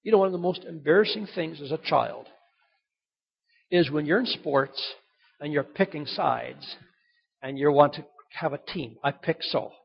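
High gravelly-voiced male preacher. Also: a little slow, pauses often. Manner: emphatic, repeats key points, conversational asides. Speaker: pastor. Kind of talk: sermon. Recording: dull lo-fi sermon recording.

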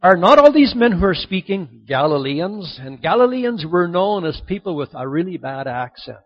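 A male pastor preaching a sermon in an animated way, his voice climbing to excited peaks. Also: sits high, moderate pace. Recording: dull lo-fi sound.

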